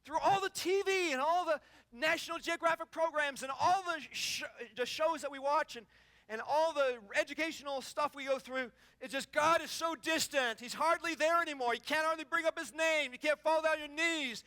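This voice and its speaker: A man's voice: extremely high pitch, moderate pace, dry recording. A middle-aged man giving an impassioned sermon at a conference, telling stories and acting out the cries in them. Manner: animated storytelling with acted-out cries. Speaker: conference speaker. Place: conference hall.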